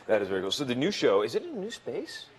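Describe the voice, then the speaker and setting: A man hosting a morning show, chatting in an upbeat, quick-to-react way with his guests. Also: medium pitch, wildly swooping pitch, a crowd in the background. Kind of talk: casual morning radio interview.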